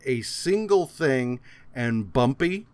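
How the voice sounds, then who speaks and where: A man's voice: medium pitch, expressive, slow, a little mellow, clean tone, no room sound. A man co-hosting a comic book podcast, reading credits and recapping plots in a dry, exasperated, profane way. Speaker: podcast co-host. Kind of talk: casual comic book discussion, reads issue credits and recaps.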